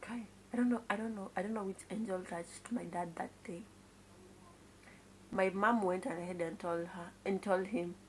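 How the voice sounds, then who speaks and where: A woman's voice: medium pitch, fairly even intonation, moderate pace, a little hiss or hum. Chatty Kenyan woman telling a story. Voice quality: mixes in Swahili words and exclaims "kai" often. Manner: confiding, chatty retelling to viewers. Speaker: vlogger. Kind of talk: casual storytime monologue.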